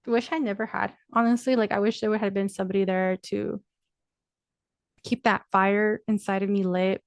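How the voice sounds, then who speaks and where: A woman's voice: mid-range voice, clean tone, no echo. A young woman speaks to her listeners in a loose, confiding monologue, peppered with 'like' and casual swearing. Her voice sits in an ordinary middle range. The sound is dry and close, with no room around it. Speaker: podcast host. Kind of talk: candid personal monologue.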